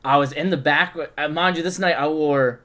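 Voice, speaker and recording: A man's voice: on the high side, normal speed. A young man telling a rowdy story in a casual chat, swearing often and acting out his friends' lines. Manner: swears constantly, animated when quoting friends.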